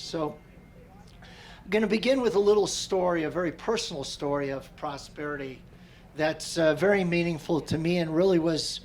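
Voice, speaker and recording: A middle-aged man teaching a meditation class, telling a personal story in a relaxed, conversational way and often clearing his throat. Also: a little high, a little hiss or hum. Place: large tent at an outdoor gathering.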